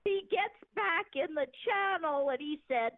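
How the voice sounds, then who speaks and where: An older woman telling a family story on a phone call, animated, laughing often and acting out what people said. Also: very high voice, a little slow, no room sound. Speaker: mother of the host, phone guest.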